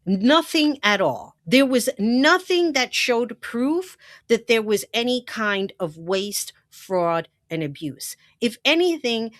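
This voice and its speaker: A woman's voice: on the high side, a bit bright, no room sound, clean studio sound. A woman hosting a political commentary channel, blunt, indignant and profane as she reacts to a clip.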